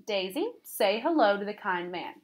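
A humble twelve-year-old peasant boy speaks politely and eagerly in a storybook, with a woman putting on his voice. He pleads earnestly with old-fashioned courtesy. The voice stays in a middle pitch. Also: expressive, moderate pace, lightly acted. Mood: pleading. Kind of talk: reading a storybook aloud.

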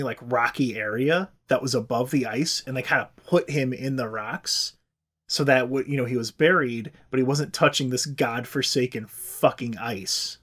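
Podcast dude swearing his way thru a story, casual and loose, middle pitch. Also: a bit bright. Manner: profane, loose and chatty, acts out quotes. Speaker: podcast host.

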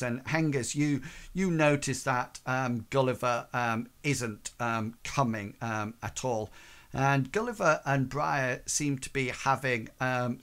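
A man's voice: mid-range voice, fairly bright tone, clear, resonant tone. A man narrating a tabletop game as game master, hesitant and full of fillers. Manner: slow, halting, full of ums and sort-of-likes.

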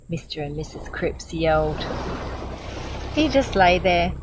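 A middle-aged woman with an Australian accent reading a picture book aloud, gently and expressively, pausing to comment on the story. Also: on the low side. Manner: gentle, expressive, comments warmly between pages. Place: outdoors by a beach. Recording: outdoor ambient noise with insects.

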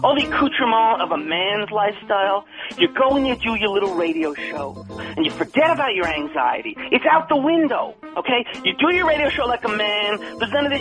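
Brief: man, tough-guy bravado, preachy phone advice, very animated delivery. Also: high-pitched, a little fast, faint music behind, rough recording. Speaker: friend giving advice by phone.

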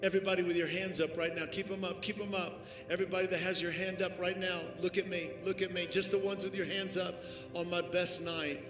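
A man preaching as a pastor, giving an altar call with pleading, repetitive urging that swells at times into shouts. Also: sits high, little pitch movement, fairly quick, few pauses, over music. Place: church sanctuary with live music. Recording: echoey hall, live stream.

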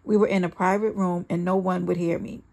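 A woman reading a first-person memoir aloud in a plain, steady storytelling delivery. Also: fairly low pitch, a little fast, creaky. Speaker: memoir reader.

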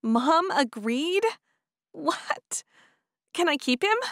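A woman narrator voicing an eager, chatty young Amish woman who talks high and breathless. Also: animated, very slow, no room sound, clean studio sound, full character voice. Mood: delighted. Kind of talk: audiobook character voice.

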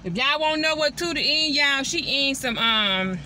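A woman and mother chatting casually to her viewers from inside her truck, animated and constantly addressing them directly. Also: sits high, fairly quick, slight background noise. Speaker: vlogger and mother.

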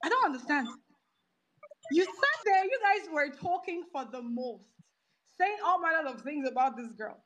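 A woman's voice: high-pitched, animated, lo-fi sound, very noisy. A woman arguing heatedly and sarcastically in an online audio room. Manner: confrontational, sarcastic, rapid rants. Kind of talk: heated argument.

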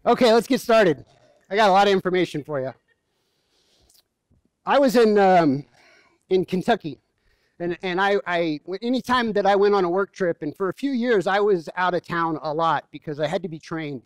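A man's voice: high voice, moderate pace, smooth, no echo. A man preaching as a pastor in a church, telling stories in a conversational, humorous way. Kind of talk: sermon.

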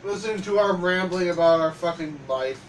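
A man's voice: sits high, moderate pace, recorded from a distance, very noisy. A young man chatting casually beside the host, blunt and swearing freely. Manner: blunt, swearing, laughs often. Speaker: co-host, sibling. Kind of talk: casual chat.

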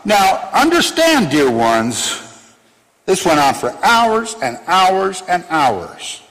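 A man preaching a sermon and reading scripture aloud, emphatic and animated, dropping to a hush for stress. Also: a little high, extremely slow, big-room sound, rough recording. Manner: animated, emphatic, swings from loud to hushed. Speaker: pastor.

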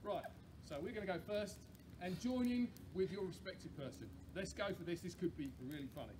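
A man's voice: high voice, background noise. A man, a campsite warden, cheerfully hosting a campfire sing-along outdoors. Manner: cheerful, chatty, quick asides.

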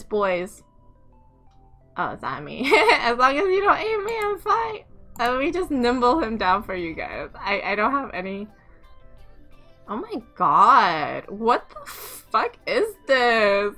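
A woman giving live gameplay commentary, excitable, swearing and laughing, with squeals when things heat up. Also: on the high side, unhurried, soft background music. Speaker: game streamer.

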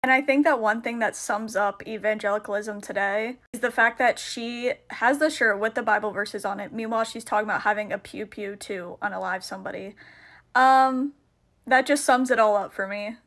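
A woman's voice: medium pitch, fairly even intonation, moderate pace, a bit bright. A woman giving video commentary in an exasperated, dismissive tone, with frequent ums.

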